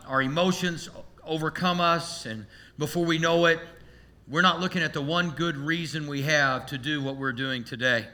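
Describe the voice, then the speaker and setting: A pastor preaching to his congregation with a very bright, ringing voice pitched a little high for a man. He spins a humorous story with animated, playful energy. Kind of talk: sermon.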